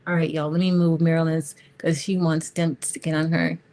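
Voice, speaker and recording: A middle-aged woman with a low, slightly mellow voice and little pitch movement hosts a crafting livestream at a moderate pace. She chats casually and tells stories while she works, calling her viewers "y'all."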